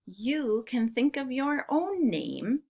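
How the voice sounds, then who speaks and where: A young woman reads a picture book to children, her voice rising and falling with plenty of expression. She takes her time, drawing words out slowly so little listeners can clap along. It sounds like a casual home recording. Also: high-pitched, sing-song, vocal fry, darkish tone. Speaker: children's teacher reading aloud. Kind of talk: storybook read-aloud lesson for children.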